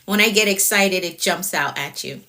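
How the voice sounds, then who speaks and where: Fast-talking Jamaican woman coach. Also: lowish voice, sharp tone. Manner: fast-talking, repeats "okay?" often. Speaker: productivity coach. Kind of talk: live-stream teaching.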